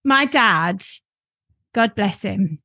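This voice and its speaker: A woman's voice: mid-range voice, animated, very slow, bright, forceful tone, husky, no echo. A woman from England hosting a casual podcast chat, frank and swearing casually as she tells personal stories. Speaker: podcast host.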